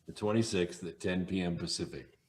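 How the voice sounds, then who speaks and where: Veteran radio man, low voice, assured storyteller, chatting on a podcast. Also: fairly quick, darkish tone. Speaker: radio host and guest. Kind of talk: casual podcast chat.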